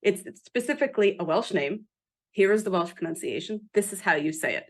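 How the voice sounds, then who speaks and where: A woman author chatting as a podcast guest, animated and quick to laugh, emphatic about how words are pronounced. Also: mid-range voice. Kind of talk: casual podcast interview.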